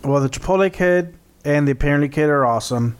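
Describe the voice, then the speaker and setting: A man's voice: on the high side, fast, clean tone. A man co-hosting a podcast in casual chat, joking and playful. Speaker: podcast co-host.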